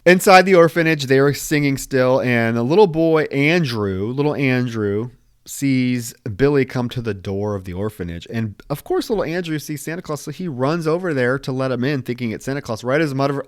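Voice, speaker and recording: Smooth-voiced man recapping a horror film. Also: mid-range voice, lively intonation, normal speed, dry recording, studio quality. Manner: recapping scenes, blunt and heated. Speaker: podcast co-host. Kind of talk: casual film discussion.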